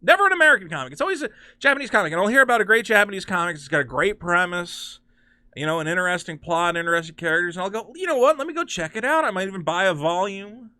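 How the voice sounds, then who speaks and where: A man's voice: high voice, lively intonation, fast talker, sharp tone, clear, resonant tone, no room sound. A man hosting a comic-book commentary, ranting in an incredulous, sarcastic and exasperated way. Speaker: host.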